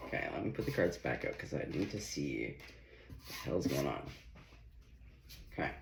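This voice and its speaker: A man's voice: extremely low pitch, big pitch swings, normal speed, creaky. A man giving a casual tarot reading at home, chatty and talking to himself, swearing and laughing as he goes, recorded on a phone in his kitchen. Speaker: tarot reader. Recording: echoey room with loud background noise.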